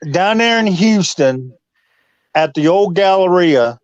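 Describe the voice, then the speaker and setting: Slow folksy man, lo-fi sound. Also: sits high, lively intonation, clean tone, no room sound. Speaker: friend chatting. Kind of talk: casual chat.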